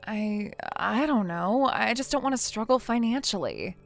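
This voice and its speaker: A woman's voice: a little high, expressive, moderate pace, creaky, no room sound, faint music behind. Vivian, a woman voicing a whiny, defensive wife. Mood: dejected. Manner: pleading, defensive. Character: self-pitying young wife, whiny and defensive. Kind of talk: text-message story read aloud.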